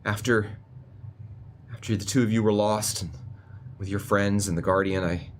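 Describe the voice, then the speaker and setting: A heartbroken, worn-out father who falters and circles back over his words, as a man puts him on. His voice sits on the low side, with a faint hiss of noise behind it. He speaks in a tabletop game. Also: steady tone, close to an everyday voice. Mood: overwhelmed. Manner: halting, faltering delivery with repeated words. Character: grieving shaken father, worn-out middle-aged man.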